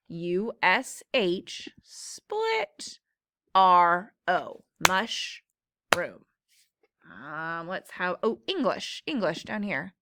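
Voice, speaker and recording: A woman's voice: fairly low pitch, background noise. A woman teacher patiently explaining syllable patterns in a classroom phonics lesson. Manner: slow, patient explaining with drawn-out words.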